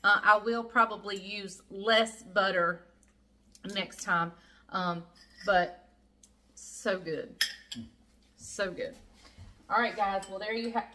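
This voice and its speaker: A woman's voice: mid-range voice, fairly even intonation, takes it slowly, long pauses, sharp tone, slight background noise. A woman with a Southern US accent hosting a casual home cooking vlog from her kitchen, chatty and folksy, laughing often. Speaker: cooking channel host.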